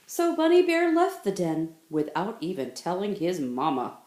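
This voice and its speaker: A woman teacher reading a picture book aloud in a slow, expressive storytelling voice. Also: on the low side. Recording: roomy echo.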